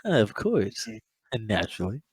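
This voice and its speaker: A man's voice: on the low side, very animated, a little slow, background noise. A young man chatting casually as a podcast co-host, rambling, swearing often and laughing a lot. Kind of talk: casual chat.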